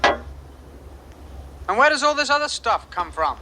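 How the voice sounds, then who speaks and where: A man's voice: extremely high pitch, sing-song, measured pace, background noise, full character voice. An actor playing an ambitious young Englishman who talks eagerly about rising to the top. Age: young adult. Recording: film soundtrack, distant from the mic.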